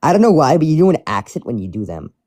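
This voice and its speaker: A man talks casually as he reads fan mail aloud, rambling and often restarting mid-sentence. His pitch swings widely, his tone is warm and mellow, and the sound is close and dry. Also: very animated, quick pace, no room sound. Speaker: streamer reading fan mail. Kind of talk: casual chat.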